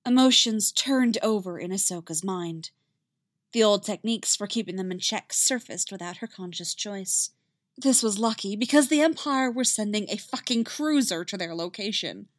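A woman narrating a fan fiction story in a steady, even reading voice. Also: mid-range voice, normal speed, dry recording, studio quality.

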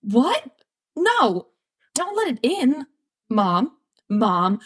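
A woman's voice: medium pitch, slow pace. A woman voicing a flustered, put-upon teenage boy who yelps and whines in a story reading. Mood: panicked. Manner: panicky and whiny, yelps and curses. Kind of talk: audiobook character voice.

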